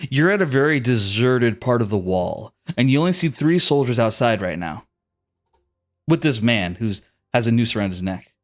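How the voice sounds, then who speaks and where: Male game master, casual descriptive storyteller, animated pitch. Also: normal speed. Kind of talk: narrating a tabletop game.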